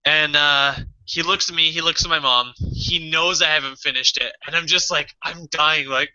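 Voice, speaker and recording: Podcast guy with a real bright sharp voice, kinda high, swears a lot and acts out the story, dull lo-fi sound. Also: brisk, hardly any pauses. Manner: animated, swearing, acts out his own past panic. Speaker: podcast co-host. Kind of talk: casual storytelling chat.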